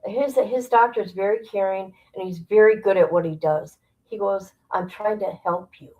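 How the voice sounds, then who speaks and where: A woman's voice: mid-range voice, normal speed, muffled recording. Blunt, profane woman venting. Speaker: streamer. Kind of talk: casual livestream chat.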